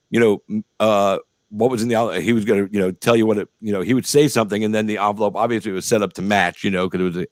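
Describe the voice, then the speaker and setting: A man's voice: on the low side, no room sound. Rambling, foul-mouthed male interview host. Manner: rambling, profane, lots of fillers. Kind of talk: casual interview chat.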